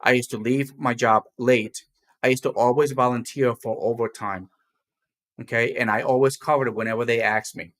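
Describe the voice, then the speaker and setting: A man's voice: mid-range voice, steady tone, moderate pace, a bit bright. Rambling, blunt man co-hosting a talk show. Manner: rambling, repeats himself, blunt and candid. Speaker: show co-host. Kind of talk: casual morning talk to viewers.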